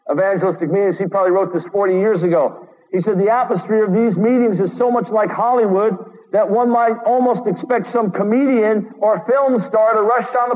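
High-voiced man preaching over tinny radio. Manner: earnest, urgent, reads quotes aloud; sarcastic asides. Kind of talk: sermon. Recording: tinny phone-like radio broadcast from a long-reverb hall.

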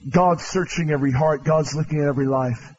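Male revival preacher with a high voice, pleading and proclaiming in turn; dull live church recording. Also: brisk, slight background noise. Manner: impassioned, swinging from loud proclaiming to hushed pleading. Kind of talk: revival altar-call sermon. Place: large church with balcony.

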